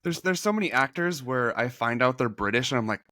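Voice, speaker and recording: A man's voice: medium pitch, lively intonation, fairly quick, bright, forceful tone, no echo, studio quality. A man guesting on a podcast, chiming in with amused, jokey remarks. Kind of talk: casual podcast chat.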